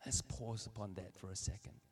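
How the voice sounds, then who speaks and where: A man preaching a sermon, telling personal stories in an animated way and acting out the dialogue. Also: lowish voice, a little fast, breathy edge. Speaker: pastor. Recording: voice somewhat distant from the mic.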